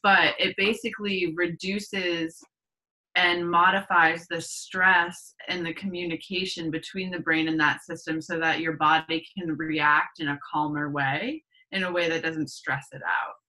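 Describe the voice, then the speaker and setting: A woman talks as a podcast guest, laying out explanations with many fillers and self-corrections. Her voice is a little low but bright and forward. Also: fairly even intonation, unhurried, poor audio. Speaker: podcast guest, herbal medicine practitioner. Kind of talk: casual explanatory chat.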